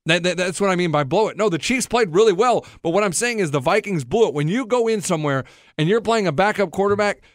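Sports radio host, man, high voice, blunt debater, dry studio sound. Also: lively intonation, fast, no echo. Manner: argumentative, blunt.

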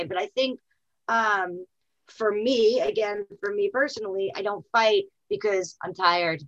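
A woman's voice: medium pitch, steady tone, a little slow, fairly bright tone, muffled recording. A middle-aged woman speaking candidly as an interview guest, emotional and full of fillers and restarts.

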